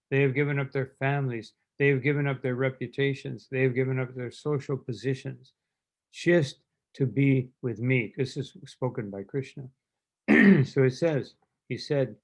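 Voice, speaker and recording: A man giving a devotional lecture, telling stories with quoted lines and often clearing his throat. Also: mid-range voice. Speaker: spiritual teacher giving a lecture.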